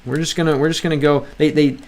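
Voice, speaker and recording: A man's voice: on the high side, little pitch movement, fast, a little mellow. A man livestreaming as he studies a language, chatting casually, thinking aloud, reading the chat and often restarting his sentences. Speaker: language-learning streamer.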